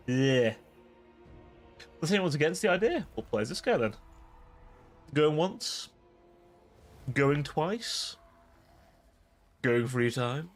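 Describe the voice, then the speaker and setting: A young man live-streaming a strategy game, chatting casually with his viewers in a rambling, joking way. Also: on the high side. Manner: rambling, jokey, talks to chat.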